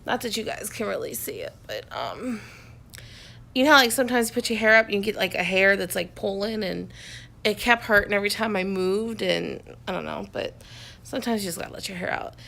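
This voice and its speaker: A chatty woman vlogs into a close phone mic from her couch at home, wandering from thought to thought with plenty of ums and restarts. Her voice is bright and forward. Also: mid-range voice, expressive, brisk, vocal fry. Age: adult, has a son. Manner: rambling, chatty, many fillers and restarts. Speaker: vlogger. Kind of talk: casual chat to camera. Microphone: phone on a selfie stick, close.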